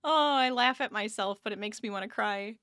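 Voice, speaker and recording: A woman's voice: medium pitch, brisk, sharp tone, dry recording, clean studio sound. A tired woman chatting casually with her viewers during a live crochet stream from her home office, laughing often and reading chat aloud.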